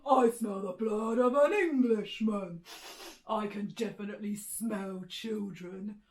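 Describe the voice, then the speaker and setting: A woman voicing a big grumpy giant who sniffs out stinky children, in a children's sensory story, with a booming, teasing, mock-menacing manner. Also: slow pace, darkish tone, lightly acted.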